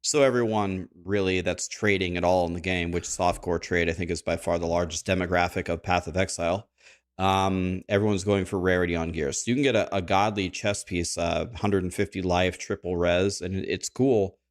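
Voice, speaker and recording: Deep-voiced man explaining game gear. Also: fairly even intonation, normal speed, no room sound, clean studio sound. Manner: matter-of-fact, explanatory. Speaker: game commentator. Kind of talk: casual gaming discussion.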